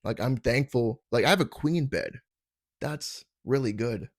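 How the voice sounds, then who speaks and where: A man's voice: medium pitch, animated, a little slow, dry recording, clean studio sound. A young adult man from Canada hosting a comedy podcast from his parents' basement, telling stories in a rambling, self-deprecating way and stumbling over his words. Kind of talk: casual comedic storytelling.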